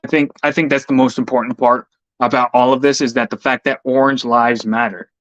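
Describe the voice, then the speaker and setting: A man's voice: medium pitch, steady tone, fairly quick, a bit bright, no room sound. A man in a casual, heated rant, swearing often and stammering over repeated words. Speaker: vlogger. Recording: dull lo-fi dry recording.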